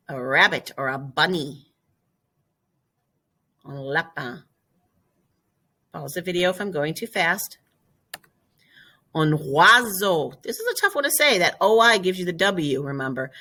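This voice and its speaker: A woman teaching a French vocabulary lesson, explaining step by step and repeating each word slowly and clearly. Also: deep voice, sharp tone. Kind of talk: classroom lesson video.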